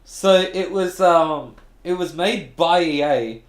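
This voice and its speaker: A man co-hosting a gaming podcast, telling stories in an animated, casual way with some swearing. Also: fairly high pitch. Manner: animated storytelling, swearing, quick asides. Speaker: podcast co-host. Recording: echoey room.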